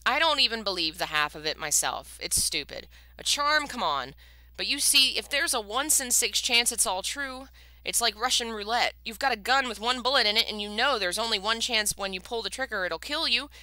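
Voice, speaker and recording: Desperate man, urgent, pleading, high-strung, very bright, dry close sound, voiced by a woman reader. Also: lively intonation, moderate pace, dry recording. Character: desperate man pleading for his family's lives. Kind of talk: live book reading.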